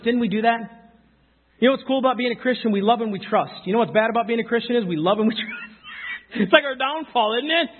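A man preaching a sermon, animated and talking straight to the congregation with quick asides. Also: very high voice. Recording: phone-like sound with long hall reverb.

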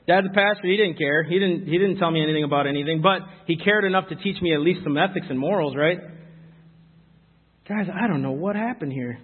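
A man's voice: a little high, brisk, slightly rough. A young man giving an informal, chatty speech to a live audience, telling stories earnestly and with emphasis. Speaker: speaker addressing a youth audience. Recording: tinny phone-like sound.

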